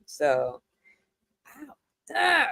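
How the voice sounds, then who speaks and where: A woman from New York hosting a casual chat show, chatty and quick to laugh. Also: high-pitched, huge pitch swings, creaky, pushed and bright, no room sound. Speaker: show host.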